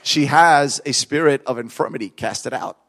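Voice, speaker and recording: A man voicing God as a calm, commanding divine voice, low and hushed. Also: normal speed, gravelly.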